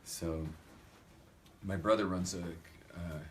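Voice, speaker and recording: Slow and low, this man's voice comes through with background noise. He's a rabbi from the United States telling a live audience humorous anecdotes in an animated way, voicing the dialogue himself.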